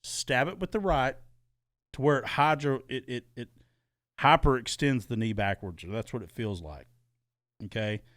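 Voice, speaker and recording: A man's voice: medium pitch, normal speed, a bit bright, dry recording, clean studio sound. A man co-hosting a podcast, telling a heated personal story in casual, profane chat and re-enacting arguments. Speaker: podcast co-host.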